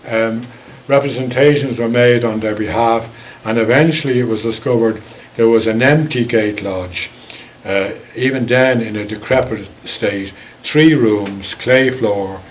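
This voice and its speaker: A man's voice: lowish voice, poor audio. Irish guy telling local history stories, chatty and wry, bit of hiss in the room. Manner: anecdotal, chatty, wry asides. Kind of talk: public history talk with slides.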